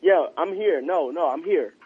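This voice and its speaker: A man joins a casual podcast chat over the phone, speaking hesitantly and softly. His voice is husky and mid-pitched. The line is tinny and sounds far away. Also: moderate pace.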